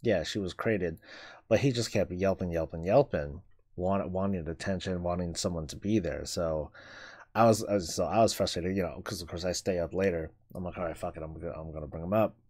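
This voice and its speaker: A man hosts a casual live stream, rambling through a long story. He keeps repeating and restarting words and swears freely, in a voice that sits a bit low. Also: dark tone.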